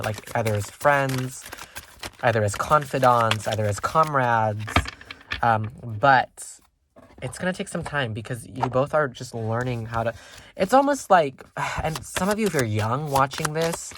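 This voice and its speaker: A tarot reader talking through a casual pick-a-card reading. The delivery wanders and is full of ums and likes as the reader thinks aloud. The tone stays gentle and reassuring, and the voice sits at an ordinary middle pitch. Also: background noise. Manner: gentle and reassuring toward viewers.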